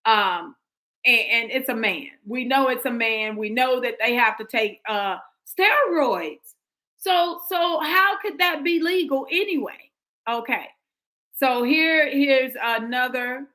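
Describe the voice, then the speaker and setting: A woman's voice: high voice, lively intonation, takes it slowly, sharp tone, poor audio. An American woman hosting a livestream commentary, talking emphatically to her viewers with frequent restarts. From United States. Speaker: livestream host.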